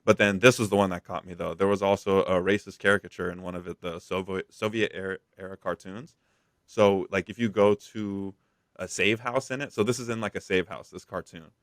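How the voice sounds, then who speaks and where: Male podcast co-host, deep voice, dry close sound, casual filler-heavy delivery. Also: fairly even intonation, brisk, no room sound. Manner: rambling, filler-heavy, reads news aloud. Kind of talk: casual gaming podcast chat.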